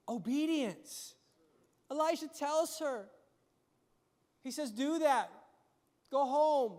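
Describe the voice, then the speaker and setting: A man preaching a sermon as pastor, animated and acting out quoted voices. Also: high voice, in a large hall.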